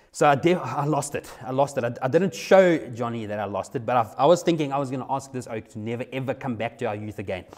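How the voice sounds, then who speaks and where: A man's voice: medium pitch, darkish tone. A young adult man, a youth pastor telling a personal story in a sermon, conversational and repeating phrases for emphasis.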